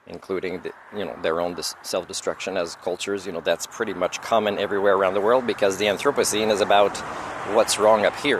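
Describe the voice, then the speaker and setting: Against a noisy background by a roadside, a French-accented vlogger on a motorcycle trip talks in a lowish voice. His monologue is opinionated and meandering, punctuated by frequent chuckles.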